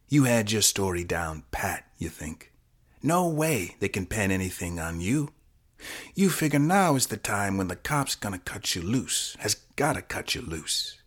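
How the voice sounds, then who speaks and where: A man narrating a flash fiction podcast story in the second person, dramatic and hushed at times. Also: sits low, lively intonation, measured pace.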